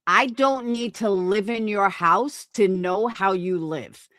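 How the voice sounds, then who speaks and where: Slow, combative, foul-mouthed woman. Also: mid-range voice, fairly bright tone, no room sound, studio quality. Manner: combative, profane, slow and deliberate. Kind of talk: heated livestream argument.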